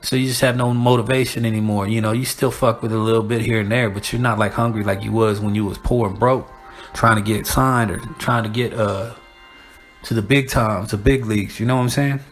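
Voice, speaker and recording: A man's voice: on the low side, fairly even intonation, brisk, faint music behind. A man hosting a podcast, rambling casually with profanity and laughing asides. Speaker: podcast host. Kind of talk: casual monologue.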